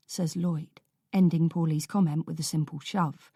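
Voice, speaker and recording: Brief: woman audiobook narrator, unhurried, lively pitch, dry close sound. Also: husky, dry recording. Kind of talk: first-person thriller narration.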